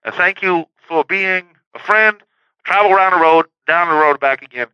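A man putting on a pompous old-fashioned gentleman for a birthday voicemail, heard over a phone line. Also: sits high, moderate pace, smooth, no echo, close to an everyday voice. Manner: theatrical, plays two characters. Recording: tinny dry phone voicemail.

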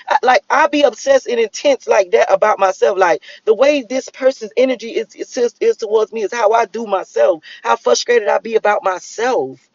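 The vlogger's voice sits high and moves at normal speed with few pauses. The recording is dull, lo-fi, and dry, with no room sound. Musing through a solo monologue, he keeps leaning on "like" and starting his sentences over.

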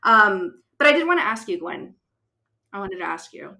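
Bright chatty woman co-host. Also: mid-range voice, moderate pace, gravelly. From US West Coast. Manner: chatty, many fillers, animated retelling. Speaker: podcast co-host. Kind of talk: casual chat.

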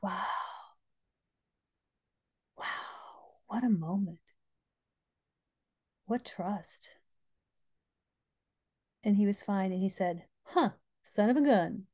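Warm and mid-range, this middle-aged woman's voice carries her podcast as she tells heartfelt stories from her own life. Along the way she quotes from spiritual texts and scripture.

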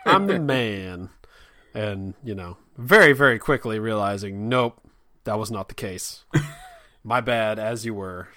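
A man's voice: on the low side, sharp tone. A man in his thirties co-hosting a casual podcast, self-mocking and playful. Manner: playful, self-mocking, puts on quick voices. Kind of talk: casual chat.

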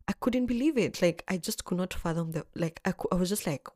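A young adult woman tells a personal story in a vlog, animated and expressive, swearing freely. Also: fairly low pitch, fairly quick, hardly any pauses, dry recording, clean studio sound. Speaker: vlogger. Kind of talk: storytelling chat.

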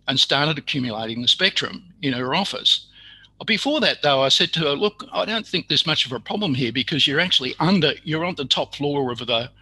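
An older man, a retired physicist telling a long story in an interview, pausing often with fillers and restarts. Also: mid-range voice, sharp tone, slightly rough, rough recording. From Australia. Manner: halting, full of fillers and restarts, acts out quoted dialogue. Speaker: guest, retired radiation physicist.

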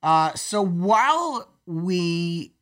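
A man's voice: high voice, big pitch swings, drawn-out words, fairly bright tone. Rambling, swearing man in casual chat. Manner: rambling, profane, lots of fillers. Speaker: podcast co-host.

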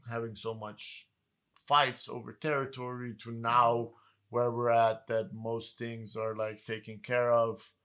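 A man's voice: mid-range voice, level tone, measured pace, a bit bright. A man talking in a casual chat, reflective and rambling, with frequent fillers.

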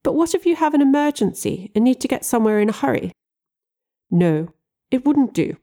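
A woman doing a polished, polite gentleman. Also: on the high side, big pitch swings, pitched above the performer's own voice. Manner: measured and courteous. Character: polished, polite middle-aged man.

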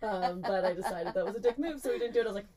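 A woman's voice: medium pitch, rapid-fire, a crowd in the background. A young woman co-hosting a podcast, telling a story in casual chat, laughing often and swearing freely.

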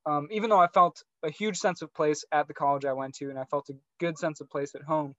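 A man's voice: fairly high pitch, fairly even intonation, fast, sharp tone, dry recording, dull audio. A young man co-hosting a podcast, talking in a rambling, reflective way and laughing often in casual chat. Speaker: podcast co-host.

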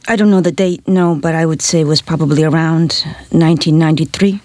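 An earnest courtroom witness, voiced by a woman, tells her story in a lowish, steady voice. The sound is dry and close-miked, with no room around it. She halts and restates as she recalls. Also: no echo, close to an everyday voice. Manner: earnest, halting recollection. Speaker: trial witness in a courtroom reenactment. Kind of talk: scripted reading of court testimony.

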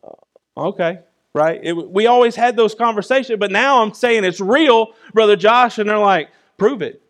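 A man preaches in a lively way that often turns to the listeners, with a voice a bit higher than most men. He moves from strong, driving lines to near-quiet ones and keeps asking "right?" as he goes. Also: moderate pace. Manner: emphatic, swings between loud and soft; conversational, often asks "right?". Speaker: pastor. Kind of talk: sermon.

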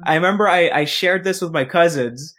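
A man with a slightly high voice chatting casually on a podcast. He tells relaxed stories and laughs along with them. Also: a little fast. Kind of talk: casual chat.

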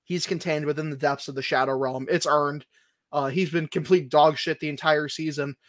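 A man's voice: fairly high pitch, steady tone, normal speed, fairly bright tone, no room sound. A man co-hosting a casual sports podcast, joking around with frequent laughs and swearing. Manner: laughing, joking, profane banter. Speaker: podcast co-host. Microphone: phone.

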